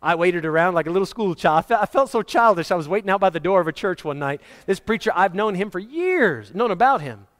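Higher-voiced man preaching a story-filled sermon. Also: fast, hardly any pauses. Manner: animated storyteller, acting out quoted voices. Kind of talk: sermon with personal stories.

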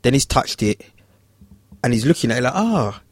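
Man, casual storytelling, animated character voices, dry close sound. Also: normal speed, slightly rough, dry recording. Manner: animated, acts out voices in high pitch. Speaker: barber telling a story.

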